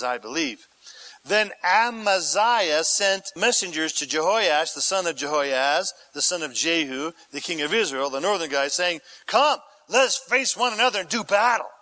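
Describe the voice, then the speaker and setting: A man's voice: fairly high pitch, pushed and bright, rough recording. A male pastor preaching an expository sermon, reading scripture aloud and then asking the listeners questions in a conversational way.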